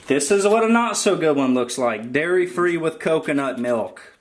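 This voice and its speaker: A man's voice: fairly high pitch, moderate pace. Rambling man in a roomy echo. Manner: rambling, filler-heavy, relaxed. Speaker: vlog co-host. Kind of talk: casual grocery haul chat. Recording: roomy echo, faint noise.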